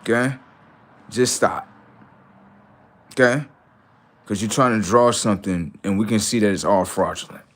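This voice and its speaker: A man's voice: on the low side, steady tone, a little slow, pauses often, a bit bright. A man hosting a casual livestream, mocking and scolding his chat with teasing, repetitive remarks. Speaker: livestream host.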